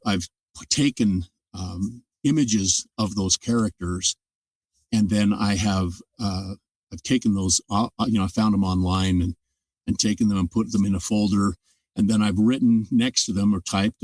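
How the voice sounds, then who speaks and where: Older male narrator as guest, low-voiced, thoughtful explainer, mic a little distant, dry sound. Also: no echo. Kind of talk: casual interview talk.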